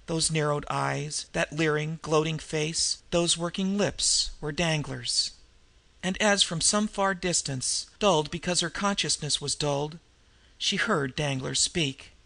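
A man's voice: on the high side, measured pace, gravelly, pushed and bright, no room sound. A man narrating a suspense story as an audiobook reader, dramatic storytelling. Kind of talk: scripted narration.

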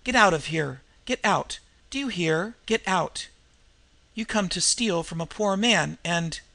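A man reading an audiobook, voicing a groveling, gray-bearded old male miser who croaks hoarsely and whines. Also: a little slow, sharp tone, exaggerated voice. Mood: shrill. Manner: whining, pleading, shrill outbursts. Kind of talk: audiobook character voice.

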